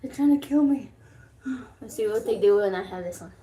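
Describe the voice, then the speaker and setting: A woman's voice: mid-range voice, expressive, brisk, warm tone, distant mic. A woman chatting casually on a livestream while playing with her kids, teasing and laughing. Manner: playful, teasing, breaks into laughter. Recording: echoey room from off-mic.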